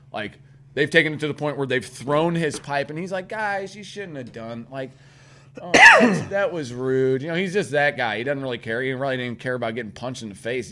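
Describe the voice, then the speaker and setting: A man telling a long story in casual podcast chat, swearing often and rambling with animated quoted voices. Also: mid-range voice.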